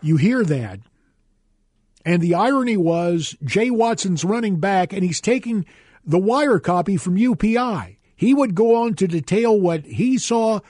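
A man's voice: high-pitched, lively intonation, a little slow, darkish tone, no echo. A man in his sixties hosting a talk radio show, telling stories with an emphatic delivery into a studio microphone. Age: 60s. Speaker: radio guest host.

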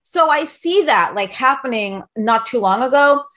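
A woman's voice: high voice, animated, moderate pace, a bit bright, slight background noise. A woman from New York City hosting a casual podcast, talking in a brash, rambling, jokey way full of likes. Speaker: podcast host.

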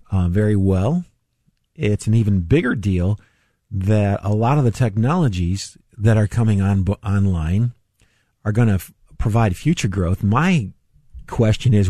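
A man's voice: lowish voice, mellow, dry recording, studio quality. A male radio host with a voice he says he is losing, chatting loosely about the stock market, rambling and correcting himself as he goes. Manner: rambling, self-correcting, chuckling. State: losing his voice. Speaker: radio show host, financial adviser. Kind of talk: casual talk radio commentary.

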